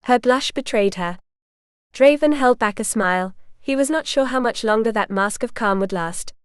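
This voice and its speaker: A woman narrating a romance audiobook in a measured, even storytelling manner. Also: a little high, smooth, no echo, clean studio sound. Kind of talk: scripted narration.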